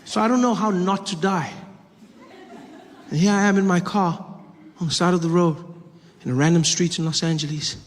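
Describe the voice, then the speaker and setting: A man doing a stand-up comedy set, telling a story with animated delivery and acted-out voices. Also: high voice, moderate pace. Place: comedy club stage. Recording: echoey club with audience noise.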